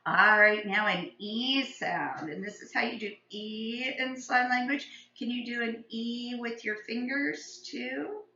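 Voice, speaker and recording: A woman teaching a gentle, encouraging children's cooking lesson, talking directly to the kids. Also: fairly high pitch, measured pace, hardly any pauses. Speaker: preschool teacher. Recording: echoey room, slightly dull lo-fi sound.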